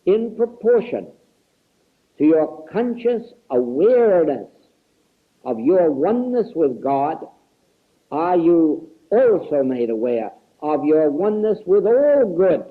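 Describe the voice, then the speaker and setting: A man's voice: fairly high pitch, very animated, slow. Earnest man on an old lo-fi lecture tape. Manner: earnest, emphatic, repeats key words for stress. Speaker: spiritual teacher. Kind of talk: recorded spiritual lecture. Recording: lo-fi archival tape recording.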